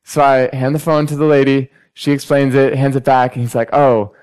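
A young man preaching a sermon, telling personal stories and acting out everyday conversations with lively energy. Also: mid-range voice, brisk, clear, resonant tone, low-quality recording. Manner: storytelling, animated when acting out conversations.

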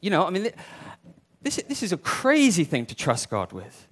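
Lively, high-voiced male preacher. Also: measured pace. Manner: animated, acts out quoted voices. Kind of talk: sermon.

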